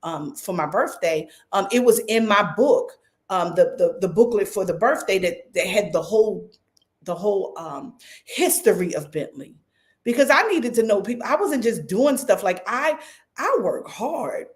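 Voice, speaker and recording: Animated woman pastor preaching. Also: medium pitch, moderate pace. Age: 50s. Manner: animated, conversational, addressing the crowd as y'all. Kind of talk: sermon.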